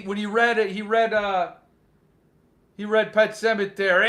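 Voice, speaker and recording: Reading out viewer comments and joking playfully, this host of a casual book collecting live stream has a high-pitched voice that sounds pushed and bright. He speaks at a moderate pace.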